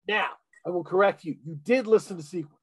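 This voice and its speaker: A man's voice: high voice, fast, husky, no room sound. Enthusiastic man, dry close mic. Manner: enthusiastic, lots of fillers and restarts. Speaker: podcast co-host reviewing an album. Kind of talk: casual chat.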